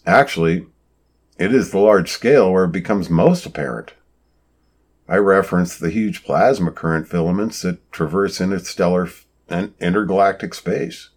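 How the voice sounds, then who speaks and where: A man narrating a science fiction story in a measured, explanatory way. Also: deep voice, slightly rough. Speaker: audiobook narrator.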